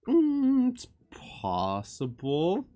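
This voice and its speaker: A man's voice: high-pitched, huge pitch swings, drawn-out words, warm tone. A man narrating a tabletop game as game master, describing scenes with filler restarts.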